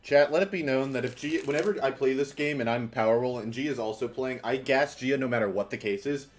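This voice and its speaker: A man with a medium-pitched voice talks fast while livestreaming a party game, faint music playing in the background. His casual chatter is rambling and self-mocking, and he keeps restarting sentences.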